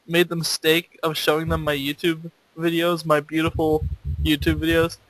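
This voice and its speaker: A man's voice: a little high, monotone, normal speed, fairly bright tone, dry recording, low-quality recording. A young man co-hosting a podcast in casual chat, crude, swearing a lot and laughing often. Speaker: podcast co-host.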